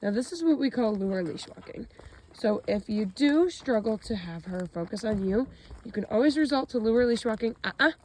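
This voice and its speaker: A woman dog trainer explaining kennel and leash training outdoors, her voice slightly hoarse, mixing calm instruction with short commands and praise to a dog. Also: a little high, moderate pace, a little hiss or hum, rough recording. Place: outdoors, chilly.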